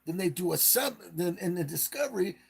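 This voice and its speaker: A man's voice: high-pitched, lively intonation, brisk, creaky, breathy edge. A man hosting a live stream, casually retelling a case in a rambling way and acting out the quotes.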